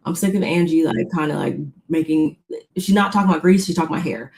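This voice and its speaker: A woman co-hosting a casual recap chat, retelling scenes in an animated way with quoted voices. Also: sits low, fast talker. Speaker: podcast co-host recapping a reality show.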